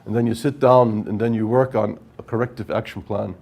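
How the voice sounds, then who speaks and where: A man's voice: fairly low pitch, fairly even intonation, a little fast, creaky, darkish tone, slight background noise. A man giving a workshop lecture on project management, explaining step by step and often checking with "right?". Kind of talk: technical lecture at whiteboard.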